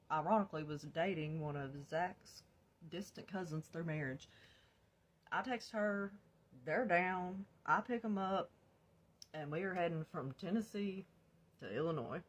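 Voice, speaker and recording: A young woman telling her own story to the camera in a casual, animated way, swearing freely, laughing often and calling her viewers y'all. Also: lowish voice, breathy edge.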